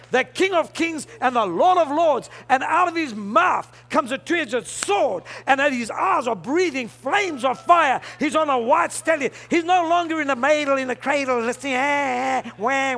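Man, pastor, fervent sermon, very high voice, bright tone, bursts of shouting. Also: lively intonation, normal speed, hardly any pauses.

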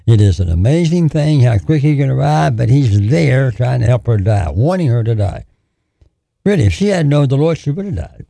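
A man's voice: mid-range voice, expressive, moderate pace, gravelly, dark tone, no echo. A man preaching a sermon in an emphatic, repetitive, fervent way.

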